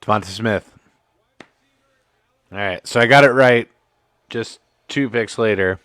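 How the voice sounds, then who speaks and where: A man's voice: medium pitch, big pitch swings, normal speed, a bit bright, no room sound. A man hosting a casual live sports commentary stream, joking and swearing as he rambles, a bit tipsy from drinks. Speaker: livestream host.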